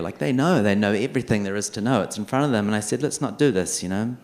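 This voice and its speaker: A filmmaker on a festival panel, telling a long story and acting out the other people in it. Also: male voice, fairly low pitch, quick pace, hardly any pauses. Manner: animated, acts out the other people in his story.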